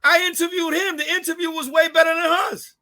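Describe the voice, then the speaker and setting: A Puerto Rican man from New York with a New York Puerto Rican accent, a comedian telling stories in a casual interview, animated and profane, dropping Spanish phrases and acting out the people he quotes. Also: extremely high pitch, a little fast. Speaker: comedian and radio host, guest.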